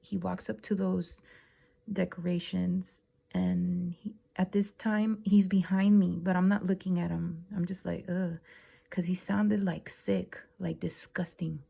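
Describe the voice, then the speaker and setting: A woman's voice: lowish voice, little pitch movement, unhurried, gravelly, warm tone, breathy edge. A woman vlogger telling a dream story in a casual, rambling way, with slangy phrasing, lots of fillers and swearing. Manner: slangy, laid-back phrasing.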